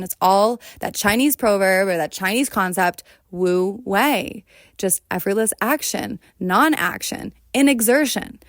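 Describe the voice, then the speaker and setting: Reflecting aloud on her solo podcast, a host from the United States speaks earnestly and confessionally, regularly adding "right?" to check in. She has a mid-range voice and an unhurried pace. The sound is dry, studio-grade audio.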